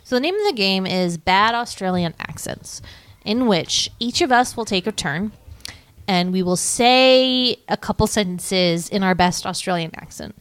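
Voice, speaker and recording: A woman's voice: mid-range voice, expressive, measured pace, a bit bright, clean tone, dry recording. A woman co-hosting a podcast in casual chat, talkative and loose, swearing and laughing easily. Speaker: podcast co-host.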